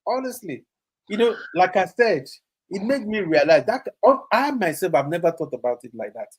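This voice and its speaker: A man co-hosting a casual commentary podcast, talking in an animated way. He laughs often and slips between English, Pidgin and Yoruba phrases as he chats. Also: high voice, normal speed, husky. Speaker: podcast co-host.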